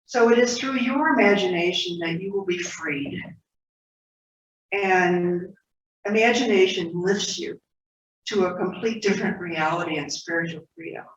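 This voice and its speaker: A woman's voice: fairly low pitch, unhurried, distant mic. Woman speaker delivering a chatty story-driven sermon, dull roomy recording with faint noise. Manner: conversational storytelling with asides. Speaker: speaker at a spiritual center. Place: spiritual center hall.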